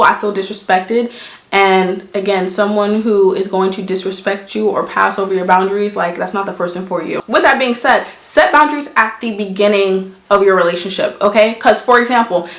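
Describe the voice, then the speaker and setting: Woman vlogger, sassy and emphatic, mid-pitched voice, echoey room sound. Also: a bit bright. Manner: blunt, emphatic, sassy, uses examples. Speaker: vlogger giving relationship advice. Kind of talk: casual chat to camera.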